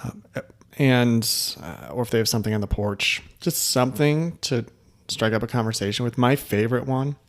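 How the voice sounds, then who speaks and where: A man's voice: medium pitch, moderate pace. Upbeat man coaching on sales. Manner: upbeat, coaching, full of fillers and asides. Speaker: host of an insurance sales podcast. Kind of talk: casual sales-tips talk.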